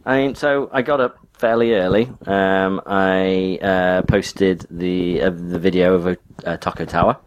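A man with a very low voice co-hosts a podcast, talking in a loose, rambling way and poking fun at himself. A faint hiss of noise sits under the recording. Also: steady tone, measured pace, hardly any pauses. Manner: rambling, chatty, self-deprecating. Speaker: podcast co-host. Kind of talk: casual banter.

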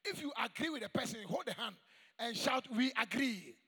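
A man preaching a sermon to a church congregation, emphatic and call-and-response, with shouted high points. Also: lively intonation, a little fast, breathy edge. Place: large church hall. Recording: long echoing church reverb.

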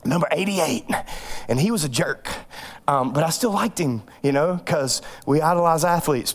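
Man, pastor, sermon storytelling, fairly high voice, animated and joking, church microphone. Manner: animated and joking, does loud child and father voices.

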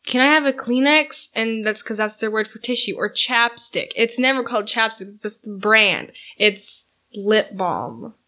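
Bright-voiced young woman, chatty and giggly. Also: on the high side, moderate pace, hardly any pauses. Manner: chatty, laughs often, lots of fillers. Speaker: podcast co-host. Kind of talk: casual chat.

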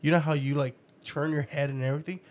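A man telling a story about his kid in casual chat, animated and swearing, laughing often and breaking into high laughs. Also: fast talker. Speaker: father, podcast co-host.

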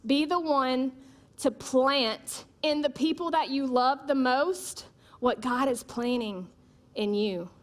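A woman's voice: sits high, slow pace. A woman preaches a sermon, with emphatic repeated declarations and humorous storytelling.

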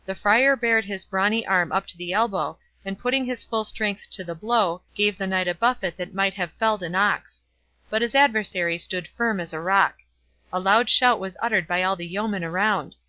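A woman narrating a classic novel in a measured storytelling manner. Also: medium pitch, bright, forceful tone, no echo, highs cut off. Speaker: audiobook narrator. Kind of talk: scripted narration.

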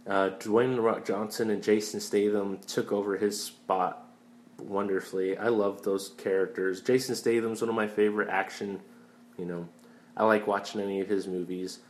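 A man's voice: lowish voice, flat delivery, normal speed, slight background noise. A young man in casual, rambling movie talk, swearing freely and drifting into tangents as he reviews films. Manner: rambling, profane, wanders off on tangents.

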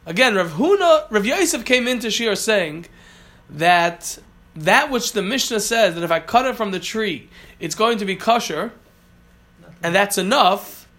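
A man's voice: high-pitched, lively intonation, a little slow, a bit bright. A man teaching a Talmud class, reading Aramaic phrases and then explaining them plainly, often catching and correcting himself.

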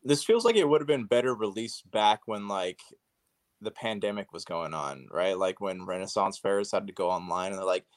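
Low-voiced laid-back male co-host. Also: expressive, normal speed, dry recording, studio quality. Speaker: podcast co-host. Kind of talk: casual podcast chat.

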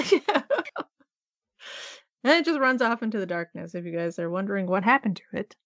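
A woman's voice: mid-range voice, expressive, moderate pace, fairly bright tone, no room sound, highs cut off. A woman co-hosting a podcast over a remote call, chatting casually about a documentary and giggling often. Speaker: podcast co-host. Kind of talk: casual chat reviewing a documentary.

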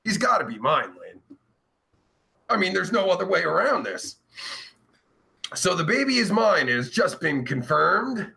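A man hosts a crude livestream, yelling nonstop and breaking into cackles. His voice is high, bright and gravelly, and it swings wildly up and down in pitch. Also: big pitch swings, a little slow, long pauses. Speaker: host. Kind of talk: loud crude livestream chat.

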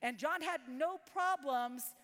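A middle-aged woman pastor preaches from her own life in a high voice, taking her time over each phrase. She acts out the voices in her stories and drops to a hush in the heavy parts. Her voice rings out with the long reverb of a church hall. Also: takes it slowly. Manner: storytelling, acts out voices, turns hushed and tearful when emotional. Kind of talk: sermon with personal story.

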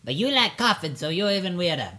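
A man voicing a dopey adult male customer who cooks with worms, in a goofy, slow, drawling way. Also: high-pitched, very animated, pushed and bright, slight background noise, exaggerated voice.

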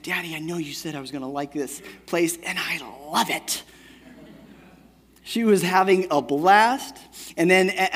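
A man in his thirties preaching a sermon in a casual, conversational way, often checking in with "right?" and telling a family story. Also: a little high. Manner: conversational, keeps asking "right?". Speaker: pastor. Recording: long hall reverb.

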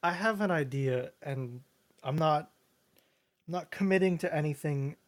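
A man's voice: on the high side, unhurried. A young man co-hosting a podcast, chatting in a laid-back way and laughing easily. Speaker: podcast co-host. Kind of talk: casual chat.

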